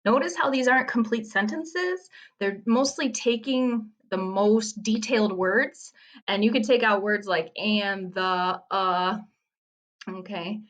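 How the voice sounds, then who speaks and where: A woman teacher giving a video lesson, patiently explaining and reading short poems slowly and expressively. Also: medium pitch. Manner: patient, encouraging, reads poem lines slowly and expressively. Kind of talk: reading picture book aloud in a video lesson.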